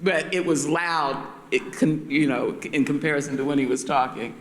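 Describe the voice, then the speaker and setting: A woman's voice: low-pitched, moderate pace. Older woman telling stories in an echoey hall. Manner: animated, laughing, acts out quoted voices. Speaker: panelist. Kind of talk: anecdotal storytelling. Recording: roomy hall with long reverb.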